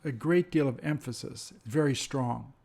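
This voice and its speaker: A man teaching an English lesson, speaking slowly and carefully and repeating example phrases. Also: mid-range voice, vocal fry, darkish tone. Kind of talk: slow, deliberate language lesson.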